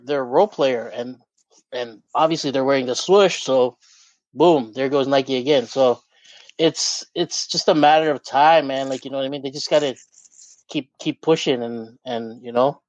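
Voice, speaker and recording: A man's voice: mid-range voice, no echo. A man co-hosting a casual podcast, rambling with lots of "like" and "you know". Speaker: podcast co-host. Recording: dull lo-fi mic.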